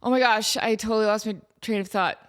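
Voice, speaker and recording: A woman in her thirties hosting a casual solo podcast, tired after just waking up, rambling and self-mocking and quick to laugh. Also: mid-range voice, steady tone, a bit bright, clean tone. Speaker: podcast host.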